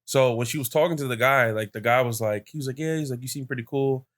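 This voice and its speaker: A man's voice: mid-range voice, quick pace, a bit bright. A young man hosting a podcast, retelling a story in casual chat, full of fillers and quoted voices. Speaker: podcast host.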